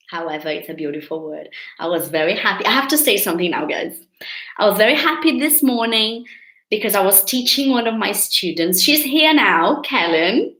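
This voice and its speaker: A woman's voice: a little high, fairly bright tone, roomy sound, rough recording. A woman with a Brazilian accent teaching English in a live online lesson, chatty with her viewers and stretching out key words. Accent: Brazilian Portuguese.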